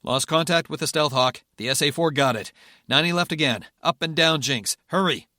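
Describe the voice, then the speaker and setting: A man's voice: mid-range voice, moderate pace, pushed and bright, no echo, studio quality, natural voice. A man voicing a determined male general who gives clipped, commanding orders in a cockpit. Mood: urgent.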